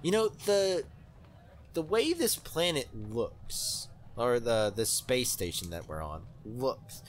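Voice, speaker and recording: A young man giving excitable, rambling commentary while playing a video game, with many fillers. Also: mid-range voice, takes it slowly, faint music behind. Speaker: let's play host. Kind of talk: gaming commentary.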